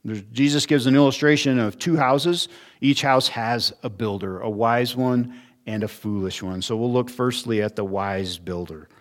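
Guy preaching a sermon, earnest teaching, asks questions then answers them, middle pitch. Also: moderate pace. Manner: earnest teaching, rhetorical questions, varied emphasis. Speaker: pastor. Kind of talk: expository sermon.

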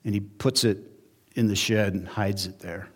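A male pastor preaching a sermon in a church, earnest, with emphatic rises and quiet drops. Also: on the low side, steady tone, normal speed, breathy edge. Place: church sanctuary.

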